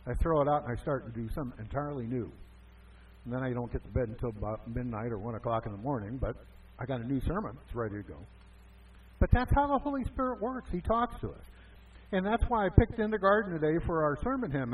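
A man's voice: fairly high pitch, expressive, fairly quick, slightly rough. A man preaching a conversational sermon as pastor, asking and answering his own questions. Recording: tinny phone-like sound from far off.

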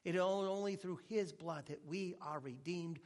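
A male pastor preaching a sermon with animated delivery and joking asides, at times dropping to a hushed tone. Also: sits high, moderate pace.

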